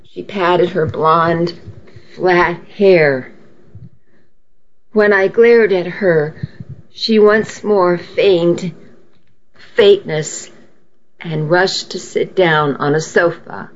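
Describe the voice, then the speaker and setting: Slow woman reading a story aloud. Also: lowish voice, fairly even intonation, highs cut off, a little hiss or hum. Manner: unhurried, occasionally correcting slips aloud. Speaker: reader. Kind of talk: first-person story reading.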